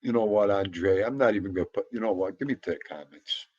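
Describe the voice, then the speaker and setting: A man's voice: lowish voice, a little fast, darkish tone. A man hosting a casual live stream from home, rambling to viewers in the comments and to his dog. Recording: dull lo-fi home stream audio.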